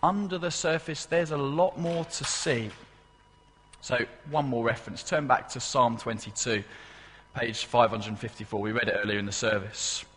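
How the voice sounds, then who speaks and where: Male pastor with a bright, forceful voice, emphatic, preaching in a reverberant church. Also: mid-range voice, normal speed, breathy edge. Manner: emphatic, repeats key phrases, asks the congregation questions. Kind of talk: sermon. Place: church service.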